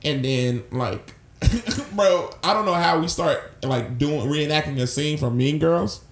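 A man's voice: on the high side, measured pace. A young man in his twenties, a podcast guest, telling crude stories in heavy slang and acting out voices. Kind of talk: casual podcast storytelling. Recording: roomy echo.

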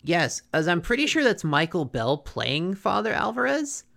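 Gravelly, animated man recapping a cartoon. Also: high-pitched, normal speed. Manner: animated, acts out quotes from the episode. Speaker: podcast co-host recapping a cartoon. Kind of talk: casual recap chat.

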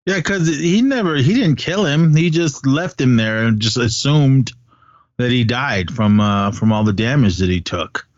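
A man's voice: mid-range voice, a little slow, dry recording. Enthusiastic rambling man, dull dry sound. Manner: enthusiastic, rambling with many fillers. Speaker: podcast co-host. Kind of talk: casual fan chat.

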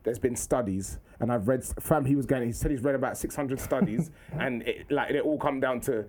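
A man voicing a formal, bookish young schoolboy who speaks in measured, overly polite sentences. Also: mid-range voice, darkish tone, lightly acted. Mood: earnest.

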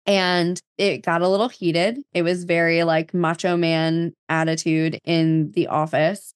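A woman's voice: on the low side, flat delivery, unhurried, few pauses, clear, resonant tone, dry recording, studio quality. A woman in her thirties from New Jersey, a podcast guest telling her story in casual chat full of fillers and quoted dialogue.

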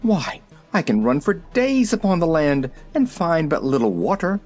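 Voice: mid-range voice, very animated, normal speed, a little mellow, faint music behind, pitched above the performer's own voice. A reader doing a pompous talking zebra. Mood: indignant. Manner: formal, pompous, easily ruffled. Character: proud talkative male zebra from the forest.

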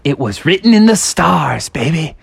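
A woman's voice: sits low, sing-song, normal speed, creaky, slightly rough, no echo, heavily acted. A woman voicing an eager young male frog who talks like a laid-back dude. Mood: enthusiastic.

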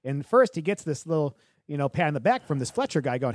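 A man's voice: fairly high pitch, big pitch swings, fast, dry recording, clean studio sound. A man co-hosting a movie review podcast, reading plot summary aloud and adding his own opinions in casual chat. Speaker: podcast co-host.

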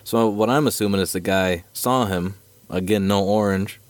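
Man, very low voice, dry close sound, casual profane storyteller, chatty podcast host. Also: normal speed, no echo. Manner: profane, animated storyteller, fillers like dude and right.

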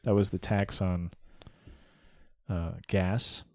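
A man's voice: deep voice, steady tone, takes it slowly, a little mellow, dry recording, studio quality. A man in casual political chat, running through results matter-of-factly. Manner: plain, matter-of-fact, reads off results. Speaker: podcast host.

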